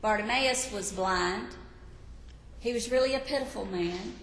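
A woman's voice: medium pitch, unhurried, a bit bright. A middle-aged woman preaching an earnest sermon to a women's gathering, telling a Bible story dramatically. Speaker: women's ministry speaker. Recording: echoey hall from afar, faint room hum.

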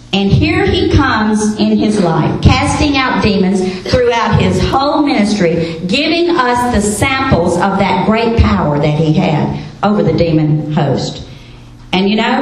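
A woman teaching a women's Bible study, expressive, asking rhetorical questions and reading scripture aloud. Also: medium pitch. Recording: very echoey room, faint hiss.

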